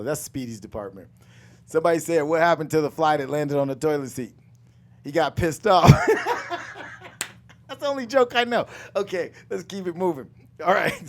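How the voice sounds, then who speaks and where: A middle-aged man hosting a live finance coaching talk, loud and emphatic, repeating his phrases and mixing in jokes. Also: fairly high pitch. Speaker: real estate coach and show host.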